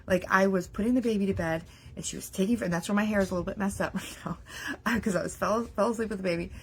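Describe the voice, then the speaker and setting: A young adult woman coaching on business mindset in a casual, animated talk to camera, acting out worried inner voices and leaning on "like" fillers. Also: medium pitch, fast talker, a little hiss or hum.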